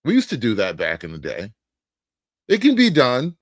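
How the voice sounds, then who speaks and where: A man's voice: medium pitch, huge pitch swings, moderate pace, no echo. A man from the United States hosting a casual reaction commentary, joking around with profanity and slang. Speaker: commentary host.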